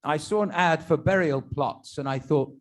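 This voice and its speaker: A man's voice: on the high side, moderate pace. A man telling a string of jokes to his congregation as a rabbi, with chatty, self-deprecating asides between punchlines. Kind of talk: stand-up joke telling to a congregation.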